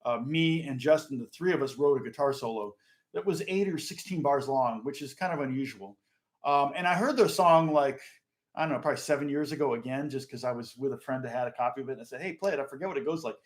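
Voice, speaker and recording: A man's voice: mid-range voice, fast talker. A middle-aged man, a session guitarist, chatting casually and rambling through stories with lots of fillers and restarts. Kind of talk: casual chat.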